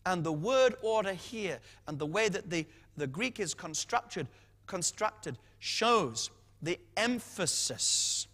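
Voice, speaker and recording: A man's voice: a little high, a bit bright. A man giving a teaching sermon as a Bible teacher, emphatic and repeating key phrases for stress. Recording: long hall reverb.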